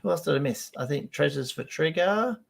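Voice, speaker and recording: Australian man, gravelly voice, easygoing, casual chat, chuckly. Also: on the high side, lively intonation, a little fast. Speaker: guest collector. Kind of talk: casual live-stream chat.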